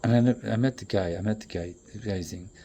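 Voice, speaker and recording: A man in a profane, rambling monologue that swings between loud outbursts and low muttering. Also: brisk, slight background noise. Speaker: traveling performer.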